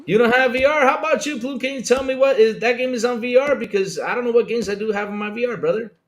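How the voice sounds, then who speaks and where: A man's voice: very high voice, fast talker. A man hosting a casual gaming podcast, joking around and calling everyone brother. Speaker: podcast host.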